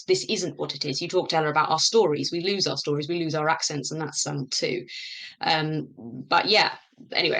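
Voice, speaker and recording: Low-voiced English woman, animated and chatty. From England. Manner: animated, explanatory, quick asides. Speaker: voice actor. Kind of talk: casual stream chat.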